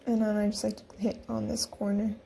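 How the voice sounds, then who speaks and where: Young adult woman, chatty tutorial host; mellow, slightly gravelly tone, faint background hiss. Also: mid-range voice, completely flat delivery, fairly quick. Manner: chatty, giggly, talks through each click. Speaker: design tutorial creator. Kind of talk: casual screen-recorded tutorial.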